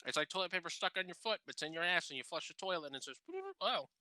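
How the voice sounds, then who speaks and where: A man with a very bright, tense voice trades crude jokes on a casual podcast. He acts out the people in his stories and swears freely. The sound is close and dry, with no room in it. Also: on the high side, very fast, no room sound. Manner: profane, joking storyteller who acts out quotes. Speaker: podcast co-host. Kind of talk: casual chat.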